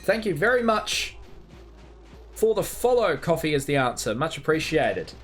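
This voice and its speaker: A New Zealand man talks on a game livestream, his voice sitting a little high and swinging widely in pitch as he rambles. He cracks crude jokes and chats loosely with viewers. Soft game music plays underneath. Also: big pitch swings, normal speed. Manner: rambling, joking, crude banter. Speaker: game streamer. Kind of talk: casual livestream chat.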